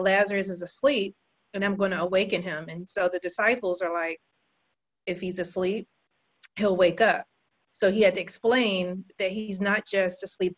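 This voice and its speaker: A woman casually retelling a Bible story to a group, chatty, with fillers and self-corrections. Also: mid-range voice. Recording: dull lo-fi recording.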